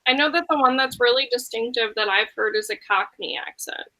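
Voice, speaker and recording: A woman talks in a chatty, self-deprecating way. Her voice is bright and sharp, sitting a little high. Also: a little fast, rough recording. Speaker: guest. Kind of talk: casual chat.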